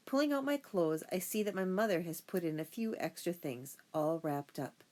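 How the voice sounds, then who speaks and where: A woman narrating a first-person children's audiobook in a steady storytelling voice. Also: on the low side, normal speed, hardly any pauses.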